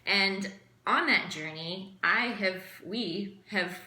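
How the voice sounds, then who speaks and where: A woman teaching an impromptu class in a casual chatty way, full of fillers and quick asides. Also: medium pitch, sharp tone, echoey room. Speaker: essential oil class teacher. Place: room with background noise.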